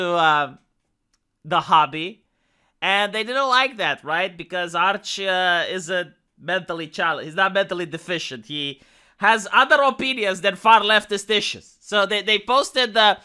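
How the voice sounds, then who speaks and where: A man's voice: high-pitched, expressive, normal speed, sharp tone, clean tone. A young man ranting sarcastically in a profane, heated commentary video. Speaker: YouTube commentator.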